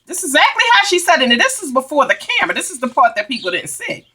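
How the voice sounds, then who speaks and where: A woman's voice: high-pitched, big pitch swings, quick pace, few pauses, bright, forceful tone. A woman telling a heated, profane story as a vlogger, emphatic and indignant. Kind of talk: angry storytime rant.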